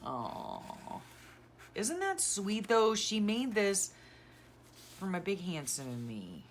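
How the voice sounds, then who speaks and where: A woman's voice: mid-range voice, wildly swooping pitch, takes it slowly, slight background noise. A middle-aged woman vlogger chatting casually and sentimentally as she sorts her craft keepsakes, gushing and rambling. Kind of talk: casual chat while decluttering.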